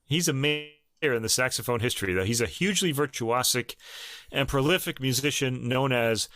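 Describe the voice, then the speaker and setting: A man co-hosting a music podcast, chatting casually and thinking aloud with many pauses and ums. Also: mid-range voice, sharp tone, no echo, studio quality. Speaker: podcast co-host. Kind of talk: casual chat about recordings.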